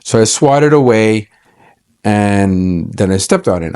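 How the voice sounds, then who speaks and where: A man's voice: fairly low pitch, animated, unhurried, darkish tone, clean tone. A middle-aged man from Canada, an accountant, telling a personal story to camera in a chatty, aggrieved way with many fillers and restarts.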